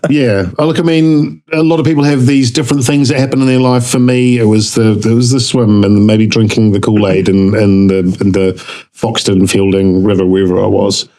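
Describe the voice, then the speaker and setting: Kiwi guy, lowish voice, animated storytelling, goes way up in pitch doing other people's lines. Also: a little fast, hardly any pauses, poor audio. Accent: New Zealand. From New Zealand. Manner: animated, jumps up in pitch acting out dialogue. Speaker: guest. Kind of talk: casual storytelling.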